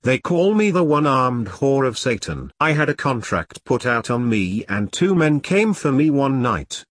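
A man's voice: medium pitch, very animated, measured pace, no room sound. A man voicing a fierce, one-armed woman who is an ex-soldier and activist, talking bluntly and defiantly in an audiobook. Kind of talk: audiobook character reading.

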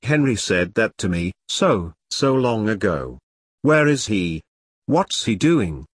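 A man's voice: on the low side, sing-song, takes it slowly, breathy edge, no room sound, clean studio sound, exaggerated voice. A man voicing a fierce, one-armed woman who is an ex-soldier and activist, talking bluntly and defiantly in an audiobook. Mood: wistful. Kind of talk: audiobook character reading.

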